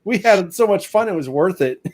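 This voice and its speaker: Guesting on a live stream, this man chats casually and tells stories, frequently laughing mid-sentence. His voice sits high and sounds animated at a moderate pace.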